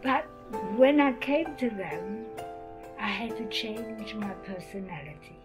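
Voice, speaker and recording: A woman's voice: medium pitch, slow pace, music in the background, poor audio. An older woman, a survivor, telling her life story. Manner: lively, laughs while telling stories. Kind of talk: personal storytelling.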